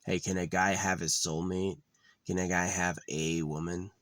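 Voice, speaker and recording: A man's voice: deep voice, flat delivery, normal speed, fairly bright tone, no room sound. A man talking in a rambling, profane vlog monologue, full of fillers. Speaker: vlogger.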